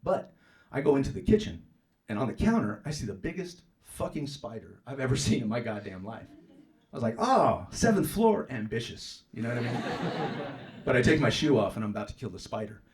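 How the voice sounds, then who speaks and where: A male stand-up comedian doing a profane, brash set on stage, jumping into loud mocking voices for punchlines. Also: medium pitch, lively intonation, brisk. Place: comedy club stage with live audience. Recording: live club recording with audience noise.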